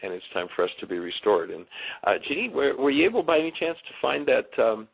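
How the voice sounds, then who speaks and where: A man hosting a radio talk show, chatting casually and haltingly with many fillers. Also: mid-range voice, big pitch swings, gravelly. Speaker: radio host. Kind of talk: casual on-air chat. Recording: phone-line radio audio.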